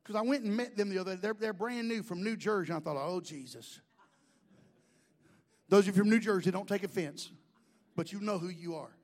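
High-voiced preaching man, shouting and joking. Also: fast. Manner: swings from shouting to quiet asides, folksy humor. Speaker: pastor. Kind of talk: sermon.

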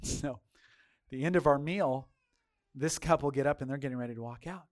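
A male pastor preaching a sermon in a folksy, animated storytelling style, speaking straight to his congregation and swinging from loud to hushed. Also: mid-range voice, normal speed. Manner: folksy, addresses congregation directly.

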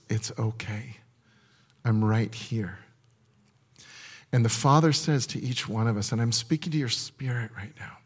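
A male pastor preaching a live sermon at a church service, conversational and digressive, with quick asides. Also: lowish voice.

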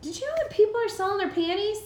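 A woman in her forties chatting on a podcast, her voice sitting high and swinging widely in pitch. She talks in an animated, playful way and laughs easily. The recording has a noticeable roomy echo. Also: rapid-fire. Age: 40s. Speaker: podcast co-host. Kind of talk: casual chat. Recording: echoey room.

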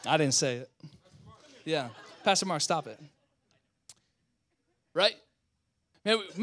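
A male pastor preaching a sermon, calling out to the congregation, swinging from loud outbursts to quiet, close talk. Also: a little high, takes it slowly, long pauses, no echo. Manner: animated, swings between shouting and quiet; talks back and forth with the congregation.

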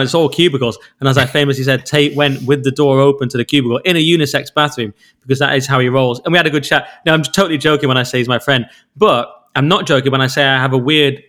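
A man's voice: medium pitch, a bit bright. A man co-hosting a podcast in casual chat, joking and bantering wryly. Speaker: podcast co-host.

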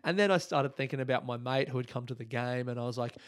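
An Australian man in his thirties, a comedian hosting his podcast, telling a sweary, self-mocking story in a casual, animated monologue. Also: medium pitch, quick pace, no room sound, studio quality.

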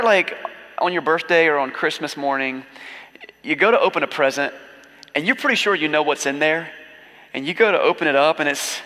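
A man's voice: on the high side, pushed and bright, long reverb tail. A man preaching a sermon as a pastor, in a casual, joking storytelling manner with acted asides.

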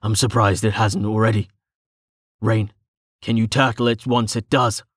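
A man's voice: fairly low pitch, little pitch movement, unhurried, husky, no echo, clean studio sound. A man voicing a curt, cursing male archer in an audiobook.

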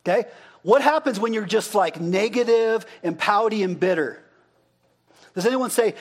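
A man's voice: sits high, expressive, moderate pace, husky. A male pastor giving an interactive sermon, talking casually and asking the congregation questions, then repeating their answers back.

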